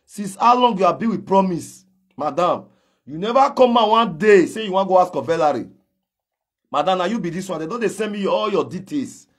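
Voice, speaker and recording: Husky Nigerian Pidgin man ranting loudly. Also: high voice, expressive, a little fast. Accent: Nigerian Pidgin English. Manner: confrontational, calls out and challenges directly. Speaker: gossip commentator. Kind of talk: ranting social media commentary.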